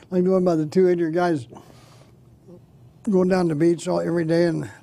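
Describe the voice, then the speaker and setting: A man's voice: a little high, creaky, warm tone, slightly rough. An older man, a comedian guest telling jokes in a chat show, often laughing at his own punchlines.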